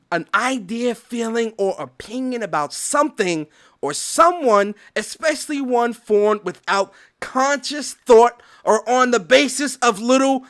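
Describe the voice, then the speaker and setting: A man's voice: high-pitched, fairly bright tone. A man hosting a gaming podcast, reading definitions aloud and ranting in a heated, profane way. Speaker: podcast host. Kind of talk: gaming commentary rant.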